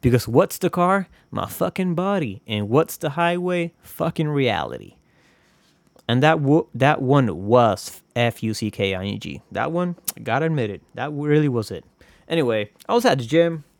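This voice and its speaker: A man's voice: mid-range voice, lively intonation, normal speed, vocal fry, no room sound. A man hosting his own podcast, talking in a rambling, casual way with lots of swearing and jokey asides. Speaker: podcast host. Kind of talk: casual solo podcast monologue.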